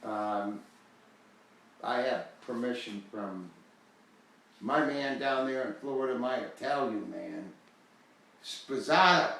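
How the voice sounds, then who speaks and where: A man's voice: mid-range voice, slow pace, gravelly, long pauses, fairly bright tone, very echoey, distant mic, rough recording. An older American man, retired, giving a rambling, emphatic, folksy talk promoting his foreclosure guide. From United States. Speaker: host selling a foreclosure guide.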